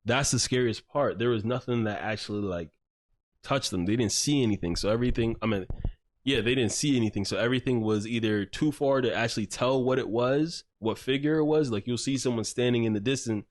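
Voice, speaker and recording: Speaking fairly quickly in a mid-range voice, a man hosts a podcast. It's casual chat: he wanders through a story, leaning on filler words and cursing often.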